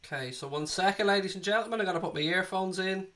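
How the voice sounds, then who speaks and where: Here's a livestream host from Dublin, late thirties, with an Irish accent and a cold that has him a touch under the weather. He talks fast in a high, bright, forceful voice. Watching football live with his viewers, he addresses chat directly, bluntly and with plenty of swearing.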